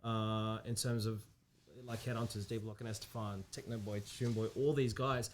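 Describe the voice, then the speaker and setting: Halting, hesitant man in casual chat. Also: on the low side, flat delivery, a little hiss or hum. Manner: halting, many restarts and fillers.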